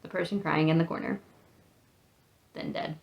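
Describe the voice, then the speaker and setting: A woman's voice: deep voice, steady tone, normal speed, vocal fry, lo-fi sound. A woman in her thirties with an American accent, chatting casually and rambling a little in a self-deprecating get-to-know-me vlog. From United States. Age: 30s. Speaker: vlogger.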